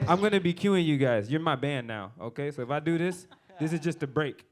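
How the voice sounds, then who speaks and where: A man's voice: a little high, expressive, a little fast. A man leading a vocal workshop, energetically counting in and cueing the group as they sing. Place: music school classroom. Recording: loud music behind the voice. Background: live group singing.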